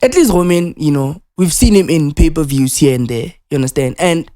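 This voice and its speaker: A man's voice: a little high, moderate pace, warm tone. A man co-hosting a casual wrestling podcast, insistently cross-examining and talking over his partner. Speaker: podcast co-host.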